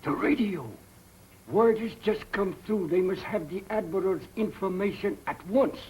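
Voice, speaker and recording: A man's voice: high voice, moderate pace, a little mellow, slight background noise, lightly acted, poor audio. An actor playing a nervous male henchman in a 1940s film, speaking urgently.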